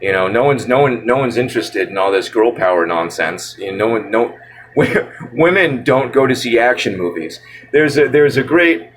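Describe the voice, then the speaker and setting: A man's voice: medium pitch, animated, normal speed, slight background noise. A man ranting casually to the camera, rambling and stammering in an irritated way, with a nasal voice. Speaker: vlogger.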